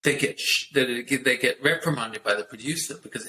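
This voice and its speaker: A British man telling lively stories with laughs in a casual podcast chat. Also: mid-range voice, fairly quick. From Britain. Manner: lively anecdotal storytelling with laughs. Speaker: guest, racing driver and TV host. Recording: echoey room with faint noise.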